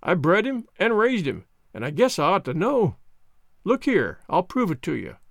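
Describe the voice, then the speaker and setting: A man reading a storybook voices a rough male Klondike dog musher with slow, drawling, plain-spoken speech. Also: sits high, huge pitch swings, dry recording, studio quality, heavily acted.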